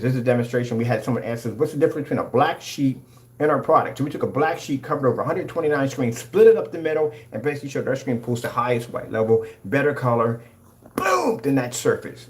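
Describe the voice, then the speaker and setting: Hyped-up man ranting over demos. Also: mid-range voice. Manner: hyped, combative, preachy. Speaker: screen paint company owner. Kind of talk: excited product demonstration rant.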